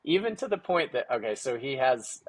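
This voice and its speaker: A man telling stories casually in an interview, lively and acting out quoted dialogue with lots of "like" fillers. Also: mid-range voice, normal speed, no room sound. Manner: animated, acts out quoted dialogue with many "like" fillers. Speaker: guest, parent of a young ninja athlete. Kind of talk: casual storytelling conversation.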